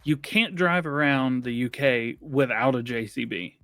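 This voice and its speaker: A man's voice: medium pitch, unhurried, fairly bright tone. A man co-hosting a casual gaming podcast, chatty and rambling, laughing often. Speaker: podcast co-host.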